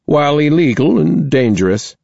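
A man voicing a stern middle-aged female school principal in an audiobook, formal and slow. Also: fairly high pitch, expressive, vocal fry, a little mellow, no room sound, muffled recording, voice pushed up. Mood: grudging. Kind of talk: audiobook character voice.

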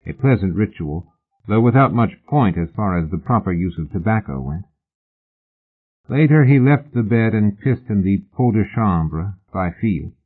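A man narrating an audiobook in a measured, literary manner. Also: fairly low pitch. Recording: husky voice on a tinny phone-like line.

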